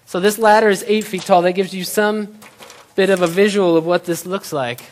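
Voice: mid-range voice, steady tone, normal speed. A preacher giving a sermon, retelling a scripture story in plain everyday terms and asking the audience rhetorical questions.

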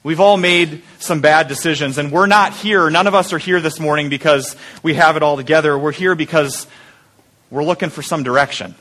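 A man's voice: fairly high pitch, a bit bright. A man preaching a conversational sermon as pastor, often repeating words and asking the congregation questions. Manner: halting with frequent repeated words.

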